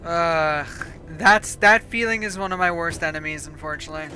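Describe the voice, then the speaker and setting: A woman's voice: lowish voice, fast talker, pushed and bright, slight background noise. A woman from Canada, chatting casually and self-deprecatingly while streaming a game, often muttering to herself. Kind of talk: casual livestream chat while gaming.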